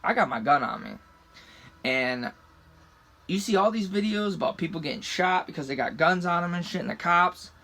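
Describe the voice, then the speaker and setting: Young guy, storytime vlog, cursing and heated, fairly high, bright voice. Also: animated, moderate pace. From rural United States. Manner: profane, heated retelling. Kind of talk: casual storytime.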